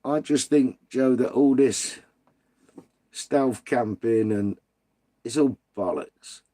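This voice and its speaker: A man's voice: medium pitch, slow pace, mellow. A British man hosting a live stream, chatting casually with viewers and reading out their comments in a blunt, sweary, ranting way.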